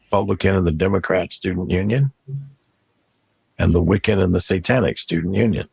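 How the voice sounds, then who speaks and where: A man's voice: low-pitched, a little fast, gravelly, a little mellow, slightly rough, dry recording. A man telling his past story in an interview, blunt and matter-of-fact.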